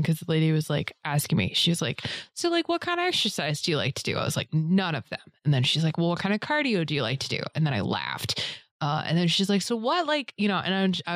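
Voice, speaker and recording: A woman's voice: deep voice, no echo, studio quality. Rambling woman in casual chat. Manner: rambling storyteller, many fillers, acts out others in a raised voice.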